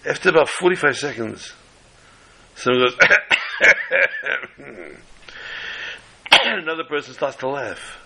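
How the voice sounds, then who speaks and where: A man telling a story dramatically, swinging between loud passages and hushed ones. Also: a little high, very animated, slow, gravelly, long pauses, poor audio.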